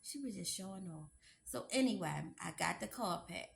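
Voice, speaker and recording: A woman's voice: mid-range voice, animated, moderate pace, gravelly. A woman, telling a story to her viewers in a chatty, emphatic way. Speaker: vlogger.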